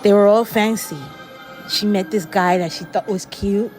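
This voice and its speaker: A woman casually telling a scary story in a rambling, unhurried way, full of fillers like "he goes". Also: mid-range voice, fairly even intonation, darkish tone, soft background music.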